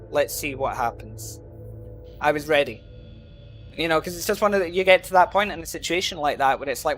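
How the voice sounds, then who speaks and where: A man with a gentle Glasgow accent rambles through a personal story in an easygoing way, sprinkling in ums and you-knows. His voice sits at a middling pitch. Soft music plays faintly underneath. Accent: Glasgow Scottish, softened. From Scotland. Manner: rambling, lots of "um" and "you know". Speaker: gaming channel host. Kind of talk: casual storytelling over gameplay.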